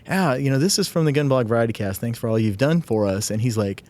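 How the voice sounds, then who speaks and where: A man's voice: mid-range voice, expressive, fast, darkish tone. A man hosting a podcast, talking enthusiastically in casual chat with his co-host. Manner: enthusiastic, gushing gear talk. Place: convention media room.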